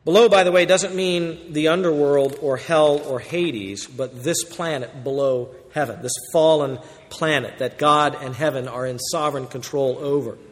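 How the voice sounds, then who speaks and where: A man's voice: normal speed, hardly any pauses. Man preaching in a reverberant hall. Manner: swings from loud emphatic warnings to low quiet asides. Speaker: pastor. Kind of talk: expository sermon.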